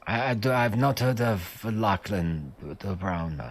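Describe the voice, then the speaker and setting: A man's voice: fairly low pitch, lively intonation, takes it slowly. A man voicing a nervous captured cultist guard who stammers and hedges every answer in a tabletop game. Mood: nervous, evasive. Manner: stammering, hesitant, evasive. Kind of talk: tabletop role-play voice.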